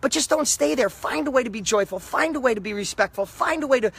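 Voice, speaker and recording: Middle-aged male motivational speaker, high voice, punchy repeated lines, direct to camera. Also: expressive, fast, creaky, breathy edge. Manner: emphatic, repetitive, swings loud and soft.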